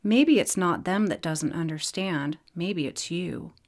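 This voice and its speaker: A kind female fairy healer speaks gently and teases a patient, as a woman narrator reads her part. Her voice sits on the lower side for a woman, calm and storybook-like. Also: slow pace. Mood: teasing. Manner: gentle and teasing.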